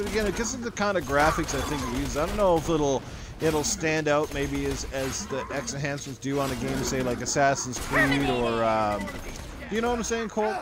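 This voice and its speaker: A man hosting a casual gaming livestream talk show, rambling loosely and reading viewer comments aloud. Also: fairly high pitch. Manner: loose and rambling, full of "like" and "you know". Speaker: podcast host reading stream chat. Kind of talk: casual chat.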